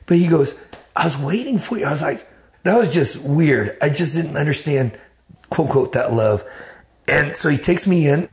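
Speaking on the high side, a man from Texas recounts his life in a lively, casual way. His story is full of cursing, and he voices his own past thoughts aloud.

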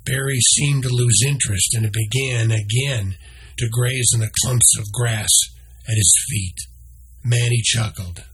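A man narrating a children's story in a slow, measured read-aloud style. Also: medium pitch, fairly even intonation, background noise.

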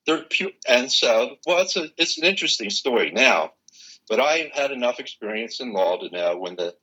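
An older man, a guest in an interview, telling a personal story in an animated way and acting out the exchanges he quotes. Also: medium pitch, moderate pace, breathy edge, poor audio.

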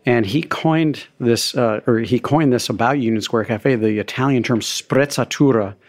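A middle-aged man, a restaurateur guest, telling relaxed, self-deprecating stories in a conversational interview. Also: mid-range voice, normal speed.

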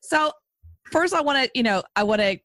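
A woman hosting a podcast, chatting in a bubbly, excitable way with lots of restarts. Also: sits high, normal speed. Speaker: podcast host. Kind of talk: casual interview chat.

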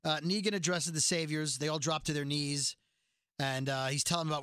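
A man talking through a show recap in casual, animated chat, slipping into playful voices for quotes. His voice sits high and sounds bright and clear. The sound is dry and close. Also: fairly quick, dry recording. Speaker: podcast co-host.

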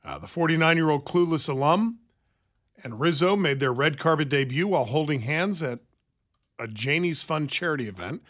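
Brief: male radio host, casual and conversational, voice a touch higher than most men, studio mic. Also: animated, normal speed, fairly bright tone. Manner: conversational, reads news aloud with asides. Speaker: radio talk show host. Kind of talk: casual talk radio chat. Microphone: studio microphone.

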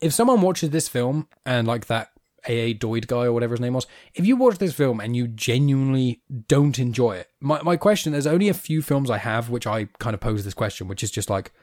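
British male podcast co-host, rapid-fire, excitable and rambling, dry close recording. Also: mid-range voice, no room sound. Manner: animated, rambling, quick to laugh. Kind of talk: casual film discussion.

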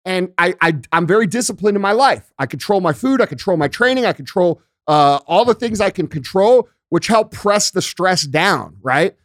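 A man hosting a podcast rants bluntly and emphatically, swearing often and leaning on everyday analogies in a conversational way. His voice is high with lively intonation, moving at normal speed with hardly any pauses. It's clean studio sound from a podcast mic, with no echo.

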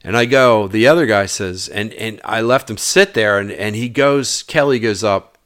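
In a voice on the low side and at normal speed, a man tells a personal story in a casual, animated way. He acts out the dialogue and occasionally falls to a mutter, with studio-quality audio and no room sound.

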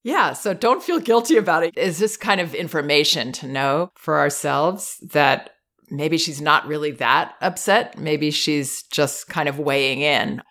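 Low-voiced woman consultant, calm and measured. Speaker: parenting consultant host. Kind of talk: advice consultation.

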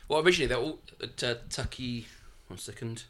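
A man's voice: mid-range voice, fast talker, a bit bright, a little hiss or hum. A man in a casual conversation, animatedly picking apart a film's logic and asking rhetorical questions. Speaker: podcast co-host. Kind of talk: casual film discussion.

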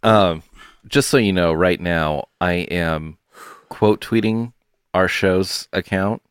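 A man co-hosting a podcast, with a very deep voice and an unhurried way of talking. He sounds laid-back and laughs often. The recording is dry and close. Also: smooth, no echo. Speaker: podcast co-host. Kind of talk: casual chat.

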